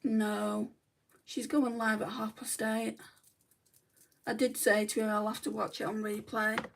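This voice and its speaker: A woman's voice: on the high side, little pitch movement, measured pace, creaky. A woman beauty vlogger chatting casually while doing her makeup, rambling with many ums. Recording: voice a bit far from the mic.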